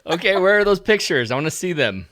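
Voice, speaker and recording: A man's voice: high-pitched, very animated, quick pace, bright, forceful tone, dry recording, studio quality. A man hosting a casual video call, laughing often and asking follow-up questions. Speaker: host. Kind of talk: casual group chat.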